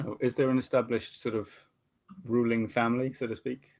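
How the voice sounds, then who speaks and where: A man from Britain with a posh British accent, a player in a tabletop game, soft-spoken and wry. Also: mid-range voice, little pitch movement, fairly quick. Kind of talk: casual tabletop game planning.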